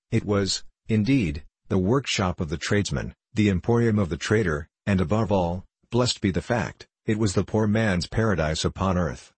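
Low husky male audiobook narrator. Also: no echo. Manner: steady, formal, even reading. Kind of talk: audiobook narration of a period novel.

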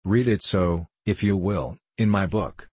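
A man's voice: deep voice, a little slow, darkish tone, breathy edge, no echo. Man reading as Christian, a troubled pilgrim. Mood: resolute. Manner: solemn, pleading old-fashioned speech. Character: troubled earnest male pilgrim, grown man. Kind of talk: storybook reading.

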